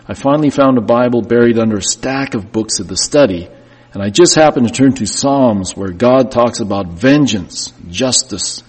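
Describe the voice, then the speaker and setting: A male preacher tells a painful story in the first person, surging and then sinking quietly. His voice is husky and middle-pitched. It rings through a church hall with a long tail of reverb. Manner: emotional first-person storytelling, rising and falling in intensity. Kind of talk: sermon.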